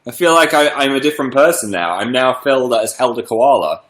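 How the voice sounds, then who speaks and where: A man's voice: medium pitch, animated, a little fast, fairly bright tone, echoey room. A man, chatting playfully on a livestream and reading viewer messages, with a slight cold. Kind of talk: casual livestream chat.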